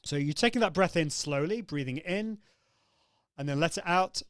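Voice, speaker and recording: A man's voice: a little high, lively intonation, moderate pace, a bit bright, no echo. A man hosting a live coaching show, upbeat and demonstrative, answering viewers' comments as he teaches. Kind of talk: live-stream coaching talk.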